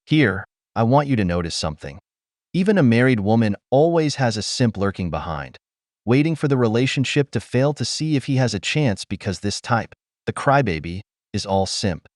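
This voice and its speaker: A man's voice: on the low side, very animated, normal speed, no room sound, studio quality. A man giving blunt, lecturing opinion commentary as a voice-over, talking straight to his viewers. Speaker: commentary channel host.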